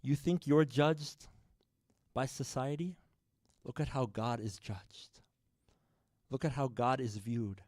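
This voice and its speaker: A man giving a sermon, telling a story to the congregation with lively shifts in loudness and addressing them as brothers and sisters. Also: mid-range voice, takes it slowly, long pauses, no room sound, studio quality. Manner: animated, shifts loudness widely, addresses the audience directly. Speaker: speaker at a religious program. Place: mosque or community hall.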